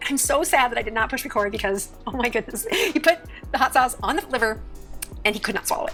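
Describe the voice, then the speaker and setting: Middle-aged woman vlogger, rambling and giggly, talks fast, soft music behind. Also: on the high side. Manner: chatty, nervous laughter, rambling. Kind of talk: casual home vlog.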